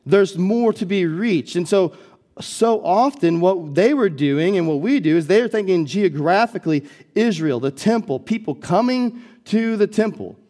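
Young american guy preaching, chatty and loose, bit high-pitched voice. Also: lively intonation, unhurried, warm tone. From United States. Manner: casual, conversational preaching with frequent "like" and "y'all". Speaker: guest preacher. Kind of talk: sermon.

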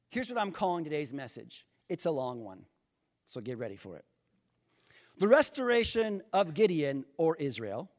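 A man preaching a sermon in a high, ringing voice. He talks straight to his congregation and builds to fervent, almost shouted emphasis. The sound carries a long reverb from a large church hall. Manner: rising to impassioned, near-shouting emphasis; addresses the congregation directly. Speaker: pastor.

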